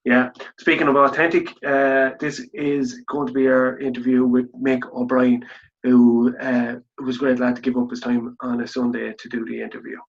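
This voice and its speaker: Irish co-host with a Kildare accent, mid-pitched, rambling and chatty, muffled lo-fi podcast audio. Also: male voice, little pitch movement, moderate pace, vocal fry. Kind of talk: casual podcast chat and interviewing.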